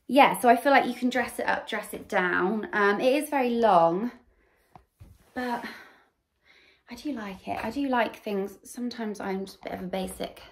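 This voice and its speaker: Chatty young woman vlogger. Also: medium pitch. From England. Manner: chatty, rambling, lots of fillers and likes. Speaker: fashion vlogger. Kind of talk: casual chat.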